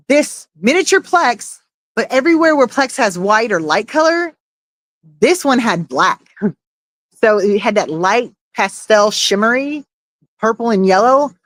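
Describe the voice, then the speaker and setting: A woman's voice: mid-range voice, dry recording. A woman hosting a casual livestream, chatting and reading out viewer comments, laughing often and swearing casually. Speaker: livestream host.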